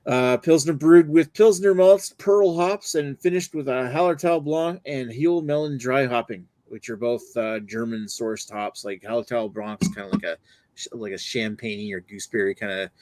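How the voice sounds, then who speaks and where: A man's voice: mid-range voice, normal speed, darkish tone, dry recording. A man hosting a casual beer review livestream, rambling with lots of fillers and restarts. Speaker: host.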